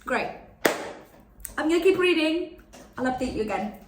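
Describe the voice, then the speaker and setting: Lively young woman ranting about books. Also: high voice, moderate pace, background noise. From Italy. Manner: animated, swearing, ranting reactions. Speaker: book vlogger. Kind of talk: casual reading vlog chat.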